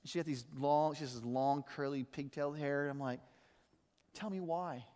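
A middle-aged man preaching a sermon as a pastor, telling stories in an animated way and mimicking other people's voices. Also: mid-range voice, fairly quick. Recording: reverberant church hall.

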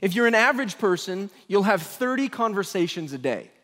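A man's voice: high voice, very animated, fairly quick, a bit bright. A man in his thirties preaching a sermon as pastor, telling funny stories with self-mocking humor and acting out the voices of the people in them. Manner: humorous storytelling, acts out quoted voices. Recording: long hall reverb.

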